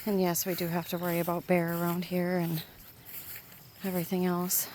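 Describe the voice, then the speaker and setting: A woman's voice: fairly low pitch, monotone, a little mellow. A woman chatting to her viewers as she films a walk through a rural valley by the water on her phone. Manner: chatty, talking to viewers while walking. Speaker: vlogger. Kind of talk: casual nature walk vlog. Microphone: handheld phone camera. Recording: outdoor phone recording with nature noise. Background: rushing water, insects and birds.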